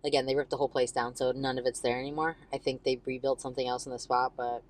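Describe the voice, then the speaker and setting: Podcast co-host, woman in her forties, deep-pitched, chatty and rambling, drops curse words casually. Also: little pitch movement, quick pace. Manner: rambling, filler-heavy storytelling, swears freely. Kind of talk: casual chat.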